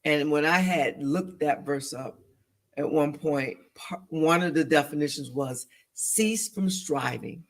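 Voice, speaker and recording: A woman co-hosting a church talk show, speaking in an animated, emphatic, preaching-like way, repeating phrases for emphasis and acting out inner voices. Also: sits low, measured pace. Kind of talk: faith discussion, preaching-like.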